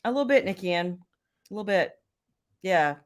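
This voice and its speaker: A woman's voice: medium pitch, expressive, brisk. A woman, chatting casually and laughing as host of a livestream. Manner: chatty, laughing, Southern "y'all". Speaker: romance author and livestream host.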